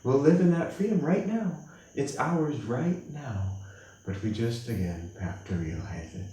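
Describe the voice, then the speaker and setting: An American man teaching a spiritual class at a monastery tells anecdotes gently, animated and a little slow. He acts out the people in his stories, raising his pitch for their voices. He's heard from a distance in an echoey room.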